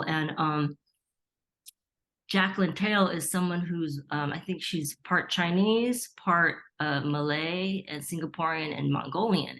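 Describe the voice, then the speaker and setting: A woman's voice: fairly low pitch, fairly bright tone. A middle-aged woman, a podcast guest, telling a story in casual conversation and acting out the voices of people she quotes. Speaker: podcast guest, Reiki teacher.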